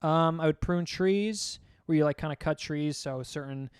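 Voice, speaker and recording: A man's voice: fairly high pitch, moderate pace, clear, resonant tone, no echo, studio quality. A young man co-hosting a casual podcast chat, telling rambling stories and swearing often. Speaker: podcast co-host.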